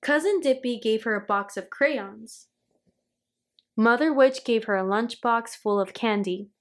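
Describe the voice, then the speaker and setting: A woman reading a children's storybook aloud, in a clear storytelling manner. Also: a little high, a little slow. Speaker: storybook reader.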